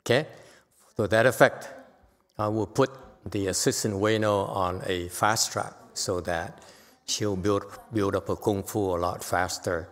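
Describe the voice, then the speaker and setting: A man's voice: on the low side, fairly even intonation, measured pace. An older man giving an unscripted dharma talk as a Buddhist teacher, blunt and exhorting, often checking in with "okay?". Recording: long reverb from a hall.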